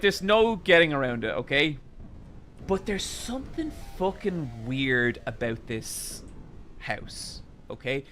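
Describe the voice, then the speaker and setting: Guy streaming a game and telling a story, swears a lot, voice jumps all over, faint music behind. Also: fairly high pitch. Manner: animated, swears freely. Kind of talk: casual storytelling while gaming.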